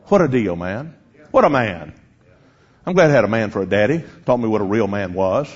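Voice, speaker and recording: A man's voice: fairly low pitch, lively intonation, a little fast, breathy edge. A man preaching a sermon, speaking directly and challengingly to his congregation, on a dull lo-fi recording.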